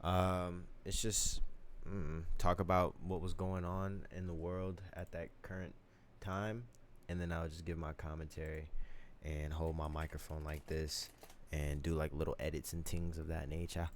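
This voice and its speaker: Deep voiced young guy streaming late at night from his studio, loose and rambly, cussing and joking with chat. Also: level tone, unhurried, a little hiss or hum. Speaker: streamer and musician. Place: home recording studio.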